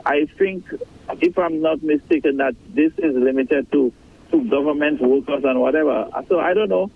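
A man's voice: on the high side, very animated, normal speed, vocal fry, breathy edge. A Saint Lucian man on a call-in radio show, complaining with emphatic, repeated phrases. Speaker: caller. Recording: phone line.

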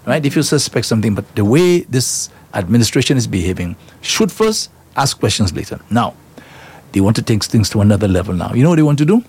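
A man's voice: on the low side, very animated, fast talker, darkish tone, slightly rough. A man hosting a current-affairs talk show, opinionated and emphatic, prodding with rhetorical questions.

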